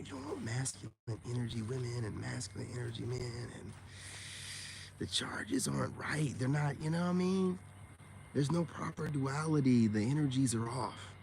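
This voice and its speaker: A man's voice: fairly low pitch, a little mellow, a little hiss or hum. A man on a casual livestream, talking bluntly and with profanity straight to his viewers, peppering his speech with "man" and "you know what I'm saying.". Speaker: online self-help streamer.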